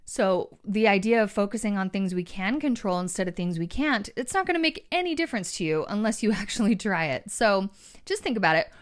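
A woman's voice: medium pitch, expressive, fairly quick. Upbeat woman giving a chatty pep talk. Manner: earnest and upbeat, chatty asides to the audience. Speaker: motivational speaker. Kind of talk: casual motivational talk to viewers.

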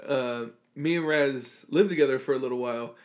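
A man's voice: medium pitch, brisk, noisy background. A young man co-hosting a podcast, chatting casually and rambling with lots of fillers. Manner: rambling, heavy use of "like", animated storytelling. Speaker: podcast co-host. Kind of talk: casual chat.

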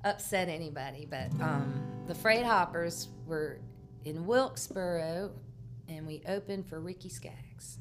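A woman's voice: fairly low pitch, measured pace. A woman musician, a guest on the show, chatting casually and telling a story with frequent laughs. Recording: loud guitar under the voice. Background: guitar music.

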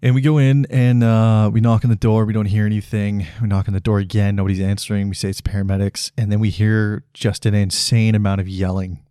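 A man in his thirties talks alone into the mic in a low, soft-edged voice with a mellow tone. He sounds blunt and frustrated, swearing often and stopping to restart his sentences. The sound is dry and close, with no room around it. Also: flat delivery, a little fast, hardly any pauses, smooth, no echo. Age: 30s. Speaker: podcast host. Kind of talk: solo podcast monologue.

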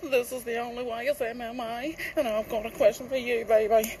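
A man's voice: very high-pitched, flat delivery, a little fast, a little mellow, slight background noise, low-quality recording. A man putting on an over-the-top fake American voice in a listener voice message, tagging nearly every phrase with 'baby'. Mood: hyped.

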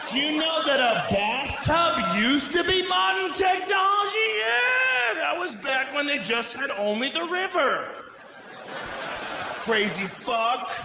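A middle-aged man with a strikingly high voice delivers a stand-up routine, shouting and swearing his way through the story. He sounds like he is on a stage in a big venue, his voice bouncing around an echoey room. Audience noise rumbles clearly behind him. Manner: loud, profane, shouting storytelling. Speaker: stand-up comedian.

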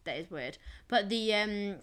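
A young woman with a slightly nasal voice, co-hosting a podcast in casual chat, chatty and quick to repeat words. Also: mid-range voice, animated, fairly bright tone, smooth. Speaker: podcast co-host.

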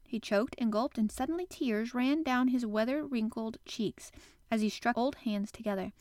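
A woman host narrating a classic novel chapter in an expressive, animated way. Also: fairly high pitch, normal speed, dry recording, studio quality. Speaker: podcast host and reader. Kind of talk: audiobook narration.

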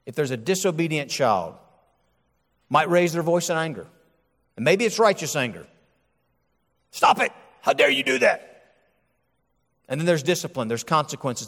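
A male pastor preaching a sermon, animated and acting out the voices he quotes. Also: medium pitch, long reverb tail.

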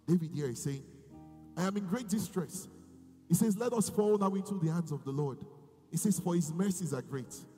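A man preaching a sermon, moving between quiet reading and loud, drawn-out cries of praise. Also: high-pitched, animated. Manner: preaching with sudden loud, slow sung-out bursts of praise. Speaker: pastor. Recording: long hall reverb with faint music.

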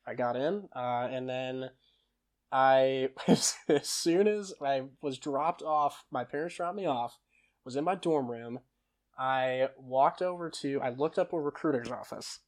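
A man's voice: medium pitch, a little slow. A young man talks casually as a podcast guest, telling stories in an easygoing way. His voice sits in the middle of the male range. He drifts through fillers and self-corrections as he talks. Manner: lively storyteller who laughs and acts out quoted lines. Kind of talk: conversational storytelling.

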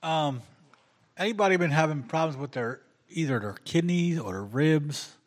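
A man's voice: a little high, animated, moderate pace. A man on the prayer team speaking hesitantly from away from the microphone. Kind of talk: prayer ministry invitation.

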